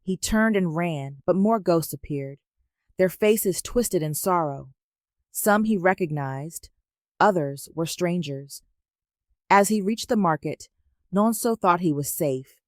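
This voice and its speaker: A woman narrating a folktale in a steady, measured storytelling manner. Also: fairly low pitch, no echo, studio quality.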